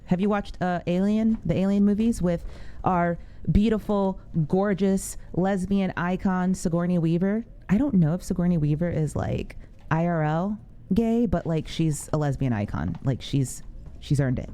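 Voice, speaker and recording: A woman's voice: lowish voice, normal speed, mellow. A woman streamer giving chatty, jumpy commentary while playing a horror game and talking back to its characters. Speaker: gaming streamer. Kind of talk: casual let's-play commentary.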